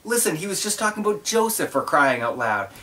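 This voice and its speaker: A man's voice: on the high side, lively intonation, normal speed, a bit bright, recorded from a distance. A man voicing an impatient, sarcastic temple guard who mutters complaints under his breath. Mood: exasperated.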